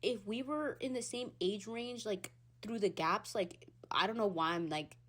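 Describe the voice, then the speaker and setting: A young woman hosting her own podcast, ranting in a casual, animated way, swearing freely, laughing often and jumping between loud squeals and low mutters. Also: a little slow. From Hispanic background. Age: young adult. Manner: animated, swearing, laughs often, big swings in pitch and loudness. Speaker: podcast host. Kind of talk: casual solo rant.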